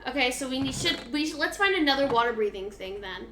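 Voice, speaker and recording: A woman's voice: high-pitched, expressive, fast talker, roomy sound, noisy background. A woman chatting casually while playing a game, thinking aloud with lots of fillers. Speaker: game co-player. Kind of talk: casual gaming chat.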